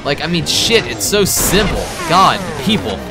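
A man giving excitable, profane, jokey commentary while playing a video game. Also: a little high, unhurried, vocal fry, over music. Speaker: let's-play gamer.

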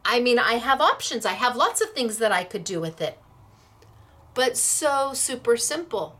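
A woman's voice: on the high side, sing-song, moderate pace, fairly bright tone. A woman hosting a crafting class, talking in a chatty, playful way while she demonstrates.

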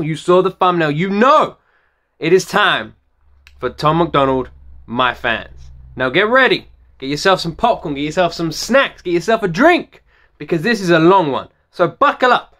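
A man hosting a reaction video, talking excitedly, repeating phrases and swearing freely. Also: a little high, normal speed.

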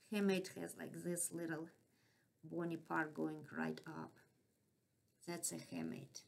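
A woman's voice: medium pitch, a little mellow. A woman with a non-native English accent teaching anatomy, patiently naming structures and checking in with frequent questions. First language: not English. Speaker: anatomy instructor. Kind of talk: classroom lecture.

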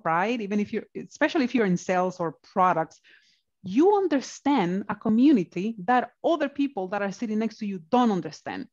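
A woman's voice: medium pitch, a little mellow, muffled recording. A woman guest speaker in a motivational panel conversation on a video call, encouraging and often checking in with "right?".

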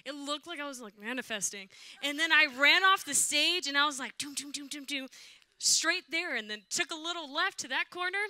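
A young woman worship leader telling a lively testimony in church, acting out the voices of the people in her story. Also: sits high, brisk, dry recording. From Southern California, USA. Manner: animated, acts out quoted voices. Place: church sanctuary.

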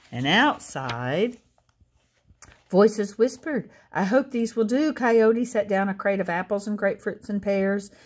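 A woman reading a picture book aloud, gentle and pointing out the pictures as she goes. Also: fairly low pitch. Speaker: storyteller.

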